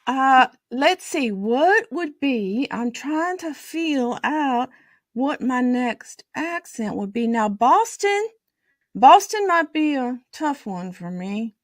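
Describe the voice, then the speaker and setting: Woman host, high lively voice, slow and playful, dry close sound. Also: dry recording. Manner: chatty, playful, drawn-out speech. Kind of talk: casual chat.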